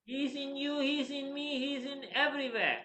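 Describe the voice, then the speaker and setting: A man voicing a devout young boy who calmly holds his ground, in a raised, earnest storytelling voice. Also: very high-pitched, a little fast, a little hiss or hum, voice pushed up. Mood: insistent. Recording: roomy, slightly dull recording.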